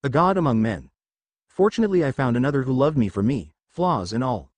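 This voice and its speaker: A man's voice: medium pitch, lively intonation, a little fast, no echo, natural voice. A man reading Maleficent, a cold sorceress queen. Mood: scheming. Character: scheming possessive sorceress queen in a boy's body.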